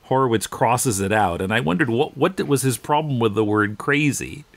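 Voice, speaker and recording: A man's voice: mid-range voice, moderate pace, dry recording. A man co-hosting a podcast in a casual chat, explaining details in a conversational way. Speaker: podcast co-host.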